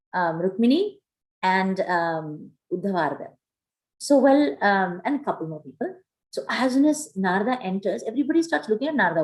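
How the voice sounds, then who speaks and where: A woman teaching a scripture class, retelling a story in an animated way with many fillers. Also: a little high, rough recording.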